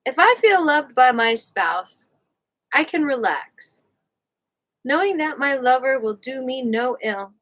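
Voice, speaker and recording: A woman from New York reading a nonfiction book aloud on a livestream, unhurried and leaning on her words. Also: high-pitched, expressive, fairly bright tone, low-quality recording. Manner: unhurried, leaning on words, breaks off for playful asides.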